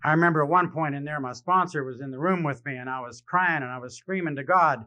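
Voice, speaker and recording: A man giving a live personal testimony speech at a convention, wry and self-mocking, growing halting and emotional with many restarts. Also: a little high, sharp tone. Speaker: speaker sharing his recovery story. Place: convention hall. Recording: dull lo-fi archival recording.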